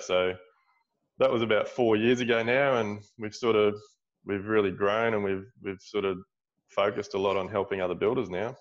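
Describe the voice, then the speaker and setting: A man's voice: fairly low pitch, fairly even intonation, moderate pace, muffled recording. A middle-aged Australian man, a builder, telling a story in a casual interview, rambling with many restarts. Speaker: guest, builder running seminars.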